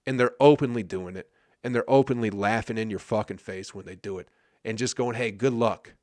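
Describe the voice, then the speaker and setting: A man's voice: lowish voice, fairly quick, darkish tone, no echo, clean studio sound. Profane ranting male podcast host. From Flint, Michigan. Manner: swears constantly, asks "you know what I mean, people?".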